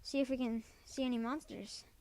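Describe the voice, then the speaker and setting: A woman player explaining her steps in a relaxed, casual gameplay walkthrough. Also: sits high, brisk, dry recording. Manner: step-by-step, relaxed.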